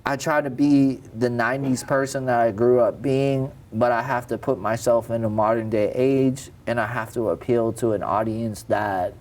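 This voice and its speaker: Candid rapper in his thirties. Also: mid-range voice. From Cambridge, Massachusetts. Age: 30s. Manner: candid, rambling, self-correcting. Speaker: rapper guest. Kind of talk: casual interview talk. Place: TV studio.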